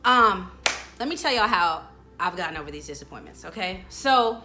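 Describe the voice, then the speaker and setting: There's background noise as a woman in her late twenties, a vlogger giving a casual motivational talk, speaks in a lowish, animated voice at normal speed. She chats candidly and calls her viewers "y'all."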